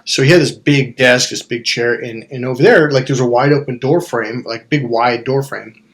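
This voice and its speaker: A man's voice: medium pitch, moderate pace. A man, a life coach and hypnotherapist, telling a story in a frank, rambling way, swearing and then apologizing for it. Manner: rambling, self-correcting. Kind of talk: storytelling monologue.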